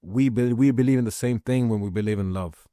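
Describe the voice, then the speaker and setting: A man speaking to his viewers, heated and profane, often sliding into soft, devout praise. His voice sits at an ordinary middle pitch. The sound is dry and close, with no room echo. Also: a little fast. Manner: profane, impassioned, turning prayerful. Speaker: vlogger. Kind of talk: casual monologue to viewers.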